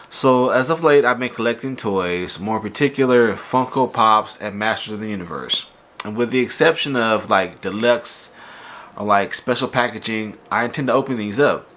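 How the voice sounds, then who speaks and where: A man hosting a casual toy unboxing vlog, sounding stuffy and nasal from allergies, telling his story in an animated, exasperated way. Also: mid-range voice. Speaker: toy collector vlogger.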